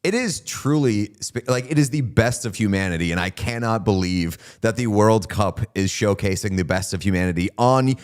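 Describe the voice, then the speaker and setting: A man's voice: lowish voice, normal speed, few pauses. A man co-hosting a casual sports podcast who speaks earnestly and enthusiastically and laughs often. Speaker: podcast co-host. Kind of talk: casual chat.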